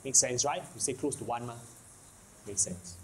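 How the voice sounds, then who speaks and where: A male math teacher with a Singaporean English accent gives a lecture at medium pitch and normal speed, repeating key points and regularly asking the class "okay? can?". Noise fills the background.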